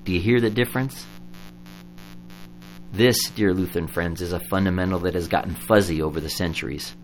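A man's voice: deep voice, brisk, slight background noise, low-quality recording. A man preaching a sermon as a Lutheran pastor, explaining doctrine and telling a story in an earnest way. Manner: earnest storytelling, lively when recounting a story.

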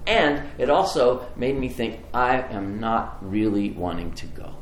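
Male pastor, sermon storytelling and prayer, echoey sanctuary, faint room hum. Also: unhurried. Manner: animated storytelling, climbing high in pitch when excited.

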